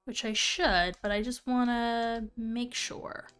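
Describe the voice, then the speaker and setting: Young woman, relaxed gameplay streamer, unhurried chatter over faint music. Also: a little high, clean tone. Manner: chatty, thinking aloud with fillers. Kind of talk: casual gameplay commentary.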